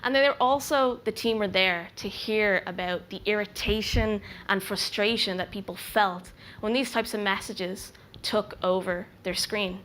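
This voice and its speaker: A young adult woman, a product researcher, giving a clear, measured conference talk with emphatic pauses. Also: medium pitch, a bit bright.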